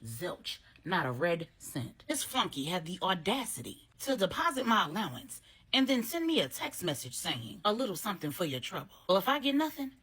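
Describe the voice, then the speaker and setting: A woman's voice: on the low side, very animated, brisk, hardly any pauses, a bit bright, breathy edge, exaggerated voice. A woman playing a bitter, scheming mistress. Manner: indignant, sassy.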